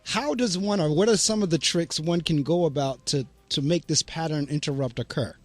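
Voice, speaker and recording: A man's voice: a little high, fairly quick, no echo. A man hosting an interview show, asking questions, affirming his guest often and laughing along. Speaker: host.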